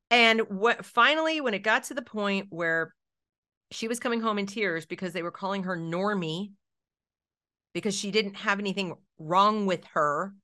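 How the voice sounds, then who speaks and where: Middle-aged woman guest with a medium-pitched voice, animated, storytelling, voices the people she quotes. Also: normal speed. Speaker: education consultant, interview guest. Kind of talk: storytelling in an interview.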